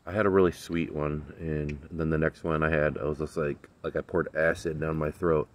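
Laid-back deep-voiced man in a garden. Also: steady tone, moderate pace. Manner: laid-back, slangy, lots of fillers. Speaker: vlogger. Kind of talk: casual chat. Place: backyard garden, outdoors.

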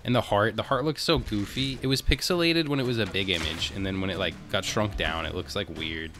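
A let's play host gives casual, chatty commentary over his own gameplay, talking to himself and to the game and frequently restarting his sentences. His voice is lowish and fairly quick, with a noisy background.

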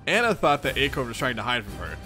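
A man's voice: medium pitch, quick pace, soft background music. A man casually reading a webcomic aloud to his viewers, laughing often and chatting with them between lines. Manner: giggly, excitable, talks to chat. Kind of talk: casual read-along commentary.

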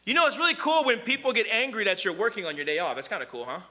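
Lively high-voiced bright male preacher. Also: racing. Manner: animated, conversational, acts out quoted voices. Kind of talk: sermon.

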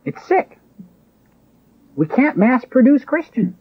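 A man preaching a sermon in an emphatic way, with sharp rises and drops. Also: very high-pitched, very animated, slow pace, slightly rough. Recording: tinny phone-like lo-fi recording.

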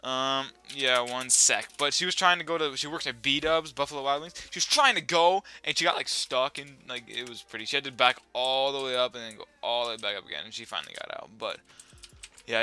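A young man at home giving excitable, swearing commentary over his own gameplay, now and then yelling at his dog. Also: mid-range voice, brisk, smooth. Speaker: gaming YouTuber.

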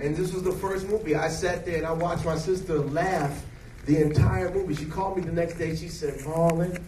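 Animated man in his forties, echoey hall. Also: a little high, fairly quick. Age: 40s. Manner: animated, jokey storyteller. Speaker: actor guest. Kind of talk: casual interview. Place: event hall with an audience. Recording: echoey hall, distant mic, noise.

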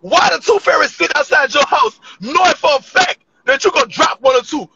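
A man in a live-stream roast battle, brash and profane, shouting insults. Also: extremely high pitch, expressive, brisk, lo-fi sound, a little hiss or hum.

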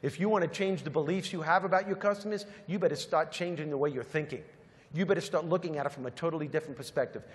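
A man's voice: fairly high pitch, quick pace, breathy edge. A man with a New York accent giving a motivational keynote, emphatic and repetitive, with punchy comic timing. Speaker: motivational speaker. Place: large hall. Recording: long hall reverb, faint ambience.

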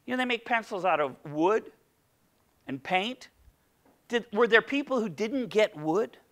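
A man's voice: high-pitched, expressive, unhurried, fairly bright tone. A middle-aged man giving an economics seminar lecture, playful and full of questions for the audience. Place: lecture room.

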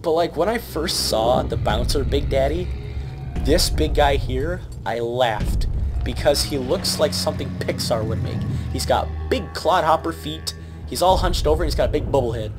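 A man's voice: on the high side, moderate pace. A young man giving a rambling, joking let's play commentary from home at night. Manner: rambling, joking, self-mocking. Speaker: gamer. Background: game music.

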